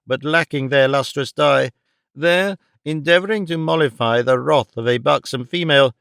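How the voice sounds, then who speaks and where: Smooth, expressive male audiobook narrator. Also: on the high side, no echo, clean studio sound. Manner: measured, expressive reading. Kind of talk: scripted narration.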